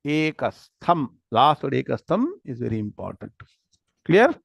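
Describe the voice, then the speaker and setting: A man's voice: fairly high pitch, animated, measured pace, no echo. A man with an Indian English accent teaching a scripture class, reciting Sanskrit words one at a time and quizzing his students. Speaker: Gita and Vedanta teacher.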